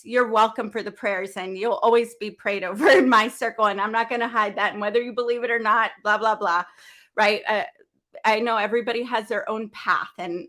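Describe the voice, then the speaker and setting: A woman hosting a business event livestream, talking earnestly and with deep feeling, open about her faith, often starting sentences over. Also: a bit bright. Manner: earnest, heartfelt, faith-filled, rambling with restarts. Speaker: event host. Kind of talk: emotional livestream talk.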